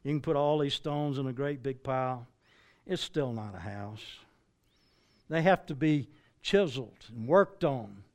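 An older man preaching a sermon in a fairly high voice. He keeps it conversational, putting rhetorical questions to his listeners and often stumbling and restarting mid-phrase. His delivery swings between quiet asides and emphatic, raised lines.

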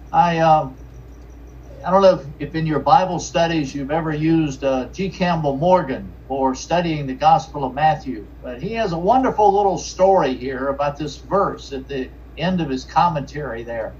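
A man, a pastor from Richmond preaching an earnest sermon with halting restarts and fillers. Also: on the high side, a little mellow. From Richmond, Virginia. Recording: distant, dull lo-fi mic with faint noise.

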